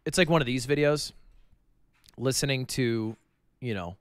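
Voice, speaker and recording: A man's voice: medium pitch, a little slow, dry recording. A young man in his twenties, a streamer casually telling a joking story with plenty of swearing.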